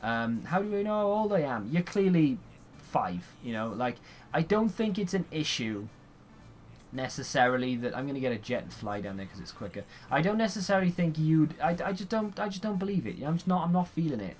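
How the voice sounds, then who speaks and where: A man's voice: a little high, sing-song, a little fast. A young man chatting casually while he plays a game and answers viewer questions, rambling and sarcastic, often yawning. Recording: faint background noise.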